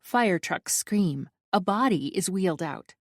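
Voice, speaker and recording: A woman narrating a first-person romance audiobook in an even, measured reading. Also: mid-range voice, dry recording, clean studio sound.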